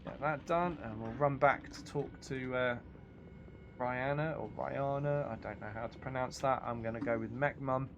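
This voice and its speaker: A man's voice: mid-range voice, fairly quick, hardly any pauses, highs cut off, noisy background. A man streaming a game, chatting casually with frequent laughs, stumbles and restarts. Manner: joking, stammering, laughing often. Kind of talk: casual live-stream commentary.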